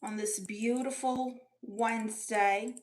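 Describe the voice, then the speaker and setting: Speaking slowly with fairly even intonation, this woman has a rather high voice. In character as a sassy, doting middle-aged aunt, she hosts a comedy livestream from her bedroom, chatting, welcoming viewers and reading chat aloud with big swoops.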